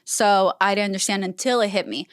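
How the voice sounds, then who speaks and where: A woman's voice: mid-range voice, fast talker, no room sound. Storytelling woman, dry close sound. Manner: storytelling, acting out quoted dialogue. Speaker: podcast guest. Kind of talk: casual interview chat.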